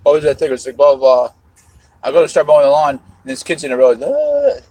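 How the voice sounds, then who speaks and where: A man's voice: mid-range voice, little pitch movement, quick pace, mellow, no echo, rough recording. A middle-aged man vlogging in a casual livestream monologue, rambling and musing with a half-joking tone.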